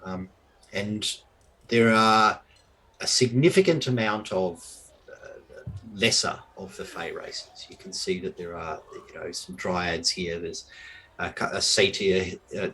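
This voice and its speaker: A man narrating as game master of an online tabletop game, halting and full of restarts and fillers. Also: sits low, bright, forceful tone, breathy edge, rough recording. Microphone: online call mic.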